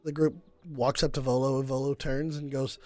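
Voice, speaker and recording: A man's voice: medium pitch, level tone, moderate pace, warm tone, no echo, soft background music. A young man narrating a tabletop game as game master in a casual way, full of fillers.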